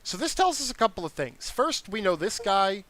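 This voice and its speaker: A man with a fairly high, bright voice talks through a game in a lively, rising and falling tone. He lectures patiently and methodically, pausing to explain each detail to his viewers. Now and then he answers comments from his live chat. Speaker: game streamer.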